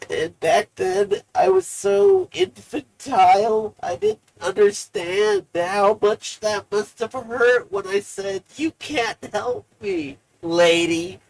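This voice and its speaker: A gravelly voice that talks slowly and drags out its words. A live-streamer delivers a rambling, profane monologue with a lively, swooping pitch. It drops to low mutters and then breaks into loud outbursts. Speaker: livestreamer.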